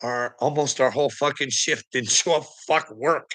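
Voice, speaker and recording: A man's voice: medium pitch, normal speed, fairly bright tone, dry recording, low-quality recording. A man ranting in casual, profane talk to a viewer, laughing often and mocking as he tells stories from work. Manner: addresses a viewer as "little me" and "buddy".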